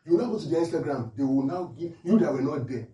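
A man's voice: on the high side, fast, reverberant, recorded from a distance, poor audio. A man preaching a humorous sermon, laughing often and checking in with his listeners. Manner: animated, laughing often, asks the audience questions.

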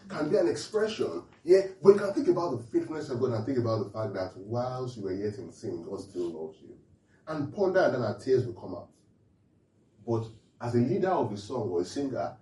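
A man's voice: mid-range voice, brisk, echoey room, far from the mic, poor audio. A man preaching a humorous sermon, laughing often and checking in with his listeners. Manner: animated, laughing often, asks the audience questions.

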